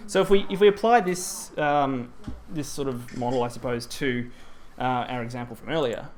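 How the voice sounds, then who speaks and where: A man's voice: medium pitch, normal speed, darkish tone, slight background noise. A man presenting at a language teaching symposium, explaining grammar in a conference talk with frequent ums and self-corrections.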